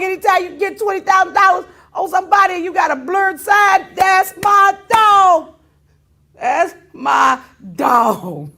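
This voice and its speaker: A woman's voice: fairly high pitch, creaky, a bit bright, breathy edge. A woman talk show host, ranting to her viewers in a teasing, laughing way. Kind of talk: casual on-air rant to viewers.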